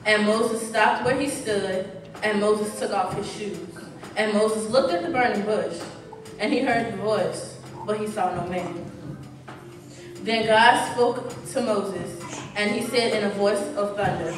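A woman reading a sermon poem aloud with a slow, measured, preacher-like cadence. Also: medium pitch, a little hiss or hum. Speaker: reader. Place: large church. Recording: echoey church from far off, music behind.

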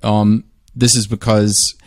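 A man's voice: lowish voice, little pitch movement, takes it slowly, dry recording. An American man from the southern United States hosting a radio talk, thinking aloud with frequent restarts. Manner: thoughtful, hesitant with restarts. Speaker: host. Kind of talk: casual radio conversation.

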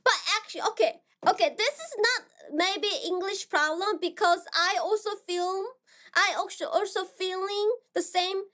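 Young woman, korean accent, high voice, soft-spoken, hesitant, lots of fillers, casual stream chat. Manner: halting, hesitant, with many fillers and restarts.

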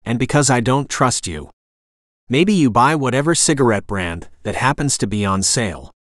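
A man voicing a tough retired male navy SEAL who gives calm, clipped orders. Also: medium pitch, moderate pace, dry recording, clean studio sound, close to an everyday voice.

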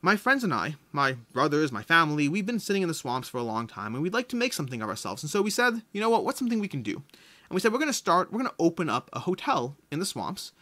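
A man's voice: on the high side, sharp tone, voice pushed up. A man voicing a patient, polite talking frog in a told joke, earnest and formal.

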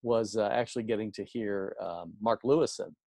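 A man's voice: on the low side, normal speed, vocal fry, warm tone, husky, no echo. Guy hosting a video call interview, eager rambling questions, dry close sound. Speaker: show host.

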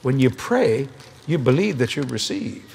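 A middle-aged man preaching a sermon at a convention, an animated, joking storyteller. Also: mid-range voice, measured pace, gravelly, husky.

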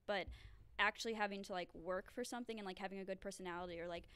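A woman's voice: medium pitch, fairly even intonation, rapid-fire, a bit bright, clean tone. A young woman guest on a podcast, chatting casually and playfully, going along with the jokes. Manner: playful, goes along with the joke, lots of "like". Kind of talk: casual chat.

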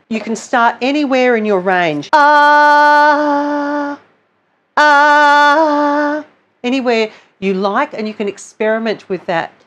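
A woman vocal coach giving a singing lesson, explaining technique patiently and step by step. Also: medium pitch. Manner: patient, explanatory, demonstrates sounds between explanations.

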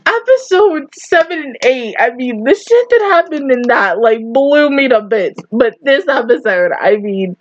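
A woman's voice: sits high, lively intonation, unhurried, few pauses, dull audio, a little hiss or hum. A young woman hosting an anime reaction video, rambling emotionally and swearing a lot in casual commentary.

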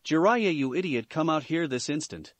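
Brief: a man doing a huge hot-headed toad boss, loud and growling, lively pitch, storybook reading. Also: moderate pace, dry recording. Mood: angry.

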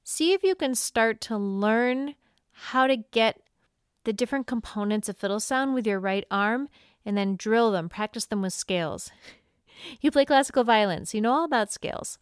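A woman's voice: fairly high pitch, expressive, normal speed, clear, resonant tone, no room sound, clean studio sound. A woman teaching fiddle on a podcast in a friendly way, laughing often and singing bowing rhythms aloud. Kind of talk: instructional podcast talk.

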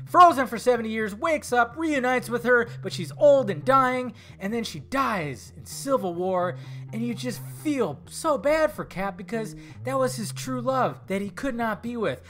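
A man's voice: high voice, a bit bright. A young man ranting sarcastically and angrily with a lot of swearing in a movie commentary vlog. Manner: angry, sarcastic, profane ranting.

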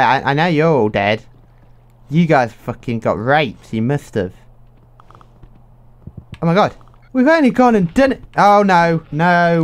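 Excitable, sweary young man gaming. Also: on the high side, clean tone. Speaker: gaming video creator. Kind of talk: game commentary. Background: faint game music.

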